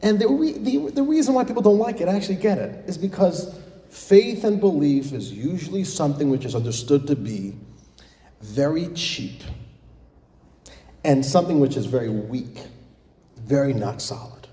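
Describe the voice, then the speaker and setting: A man, a rabbi, giving an animated sermon with a joke, calling his audience dear friends. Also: on the high side, moderate pace. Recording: echoey hall reverb.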